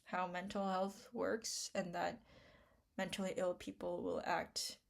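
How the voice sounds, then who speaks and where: A woman's voice: on the low side, little pitch movement, unhurried, vocal fry. A young woman rambling to camera in an unedited vlog, tearful, with many fillers, restarts and self-interruptions. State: tearful after crying. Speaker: vlogger.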